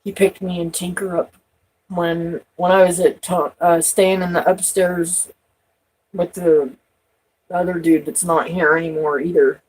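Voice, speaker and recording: A woman with a husky, breathy voice talks to the camera in a rambling, profane way. She starts lines over and over, jumps between loud outbursts and quiet asides, and lets her sentences trail off. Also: lowish voice, little pitch movement, measured pace, poor audio. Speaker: vlogger. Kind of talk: rambling personal talk to camera.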